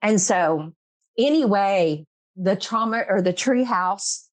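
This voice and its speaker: In an emotional interview on her own podcast, a middle-aged woman talks in a medium-pitched, animated but slow voice. She is earnest and emphatic, laughs a lot and repeats herself for stress.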